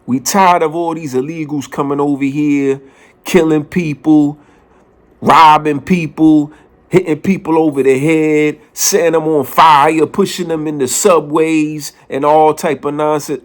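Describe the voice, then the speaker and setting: A Bronx vlogger in New York shares his opinions casually, his voice a touch high and his pace measured. He drives each point home emphatically, repeating phrases for punch.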